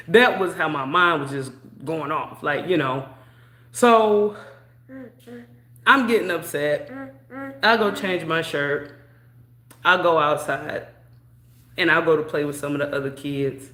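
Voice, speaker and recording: Woman, young adult, casual storytelling, chatty and drawn-out, echoey room. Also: low-pitched, fairly bright tone. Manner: chatty, drawn-out, full of "you know". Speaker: vlogger.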